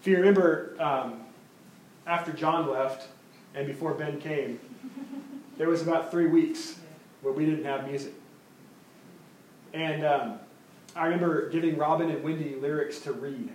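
A man preaching a sermon as pastor, animated, often repeating words as he builds his point. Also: fairly high pitch, a little slow, pauses often, echoey room, slight background noise, rough recording.

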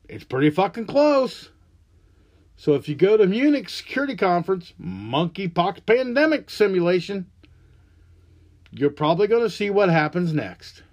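A man hosting a solo podcast, delivering an angry, profane, rambling rant. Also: sits high. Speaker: podcast host.

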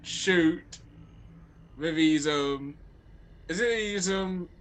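A man's voice: a little high, extremely slow, a little hiss or hum. A man playing a tabletop game in casual chat, hesitant and thinking aloud as he works things out. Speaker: player.

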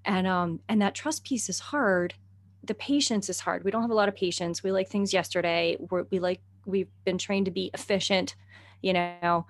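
A woman's voice: on the low side, moderate pace, no room sound. Chatty middle-aged woman telling a story. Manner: chatty, animated, laughs often, many fillers. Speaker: guest herbalist and naturalist. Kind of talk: casual storytelling in conversation.

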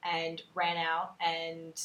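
Lowish-voiced woman telling a dating story. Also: drawn-out words. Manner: animated storytelling, swears freely, mimics voices in quotes. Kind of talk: casual chat. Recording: roomy echo.

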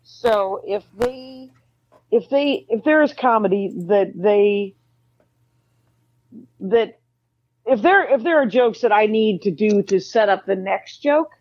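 A woman's voice: mid-range voice, slow, pauses often, highs cut off. A woman comedian in her fifties, a guest in a casual interview, speaking bluntly and matter-of-factly. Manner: blunt, reassuring, matter-of-fact.

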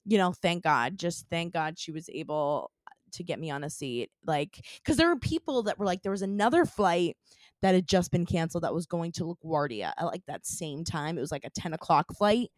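A young woman on a podcast tells a story in easy chat, her pitch sitting a little low but swinging widely as she gets into it. She fills her lines with "like" as she goes, and the sound is dry and close to the mic. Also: moderate pace, no echo. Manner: animated storytelling, lots of "like" fillers. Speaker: podcast co-host. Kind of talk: casual chat.

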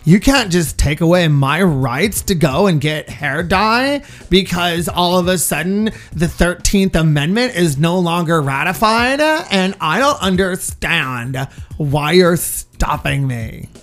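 A man voicing an entitled young valley girl shopper with an indignant, drawn-out whine. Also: high-pitched, lively intonation, fairly bright tone, soft background music, full character voice.

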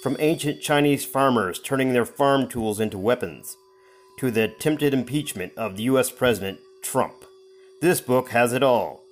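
A man's voice: mid-range voice, normal speed. A man reading a scripted advertisement in a dramatic, announcer-like way. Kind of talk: scripted ad read.

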